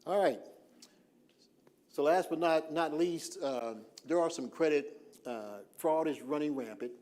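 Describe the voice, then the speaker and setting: A man presenting a financial workshop in an informal seminar style, relaxed and full of fillers, slowing down on purpose to stress key points. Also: on the high side. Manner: relaxed, lots of "uh" fillers, slows down deliberately for emphasis. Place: church hall.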